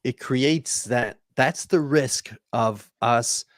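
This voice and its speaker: A man co-hosting a casual podcast, speaking earnestly and a little haltingly, with restarts. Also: mid-range voice, no room sound. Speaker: podcast co-host. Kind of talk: casual chat.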